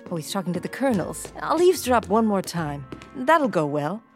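An actress playing a sociopathic female court assassin who speaks deadpan and scolds herself aloud. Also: medium pitch, fairly quick, soft background music, lightly acted. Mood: self-scolding. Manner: deadpan, talks herself in and out of things.

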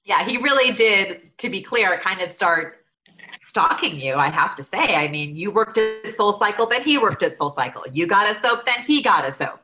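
Bright-voiced woman hosting a podcast. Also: medium pitch, lively intonation, moderate pace, soft background music. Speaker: podcast co-host. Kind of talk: casual interview questions.

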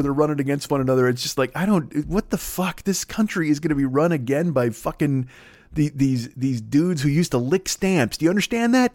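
A man's voice: fairly high pitch, a little mellow, no echo, studio quality. A man hosting a comedy podcast, rambling through a profane, self-interrupting rant. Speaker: podcast host.

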